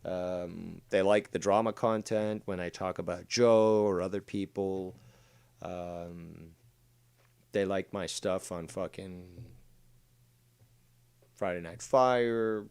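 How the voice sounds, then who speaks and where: A man's voice: low voice, fairly even intonation, takes it slowly, vocal fry, long pauses, darkish tone, clean tone. A man hosting a casual livestream, talking bluntly with a lot of swearing and reading chat comments aloud. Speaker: host.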